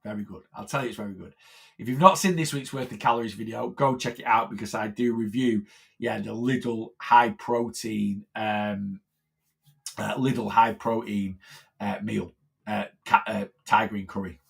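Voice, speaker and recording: A man's voice: lowish voice, fairly even intonation, normal speed, creaky, breathy edge. A man, a weight loss coach, chatting casually on a phone live stream, rambling with lots of fillers and restarts.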